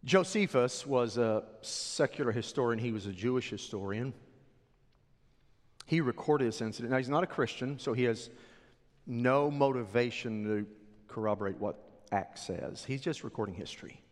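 A man preaching a sermon as a pastor, telling the story with animated drama. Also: mid-range voice, normal speed. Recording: long hall reverb.

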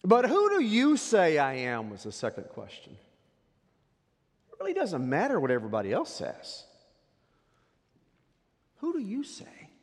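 A pastor preaching a sermon, swinging dramatically between loud declarations and hushed asides. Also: male voice, on the high side. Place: church sanctuary. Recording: long reverb of a church hall.

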